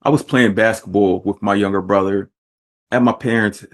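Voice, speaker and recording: A man's voice: on the low side, fairly even intonation, moderate pace. A man hosting a podcast who talks in a thoughtful way and often restarts his sentences. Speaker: podcast host. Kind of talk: casual conversation.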